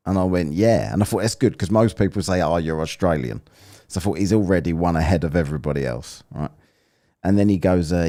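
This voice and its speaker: A man's voice: low voice, quick pace, mellow. An English man commenting casually on a live stream, chatty and rambling, joking and laughing as he reads the chat. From England. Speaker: streamer reviewing a debate and reading chat.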